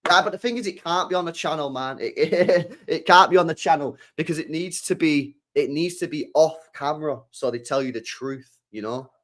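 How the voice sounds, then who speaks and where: A young man, hosting a casual football stream, rambling in slangy, animated asides. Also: on the high side, fairly quick, few pauses. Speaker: football channel host. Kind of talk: casual livestream chat.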